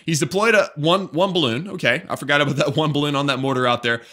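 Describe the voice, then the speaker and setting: An enthusiastic man walks viewers through strategy game replays in a chatty commentary voice. His tone is bright and a little high. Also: fast. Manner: enthusiastic, addresses viewers as guys, frequent restarts. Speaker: gaming YouTuber commentating war replays.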